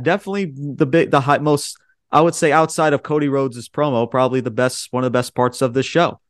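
A man's voice: mid-range voice, fairly quick, no room sound. A man with a mid-range voice hosts a casual podcast recap of a wrestling show. He rambles through his points and packs them with fillers. His opinions come out blunt, and the recording is close and dry, with no room sound. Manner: rambling, heavy on fillers like "you know" and "um". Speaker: podcast host.

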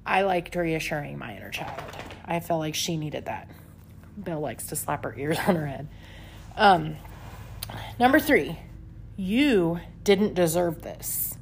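Gravelly-voiced woman sharing candidly. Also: low-pitched, animated, a little slow, long pauses, slight background noise. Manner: candid, confessional, with soft laughs. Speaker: podcast host. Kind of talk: personal self-help podcast talk. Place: home with pets nearby.

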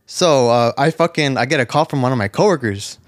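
A man's voice: mid-range voice, animated, fairly quick, no room sound. A man co-hosting a podcast and telling a long, rambling story, heavy on swearing and filler words. His voice sits in a middle register. It is recorded close and dry, with no room sound. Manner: rambling anecdotes full of profanity and "like". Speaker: podcast co-host. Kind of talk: casual storytelling chat.

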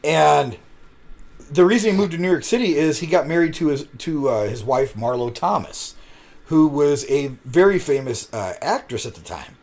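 A man's voice: a little high, animated, darkish tone. Profane rambling man, podcast co-host. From Nebraska. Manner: profane rambling storyteller with halting restarts. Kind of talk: casual chat.

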